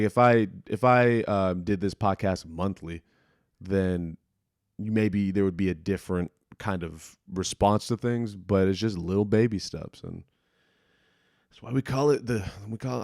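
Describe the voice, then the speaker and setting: Young guy rambling on his podcast, kinda low voice, dry close sound, swears a lot. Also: a little mellow, no echo. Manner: rambling, profane, frequent restarts and fillers. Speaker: podcast host. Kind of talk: solo casual podcast monologue.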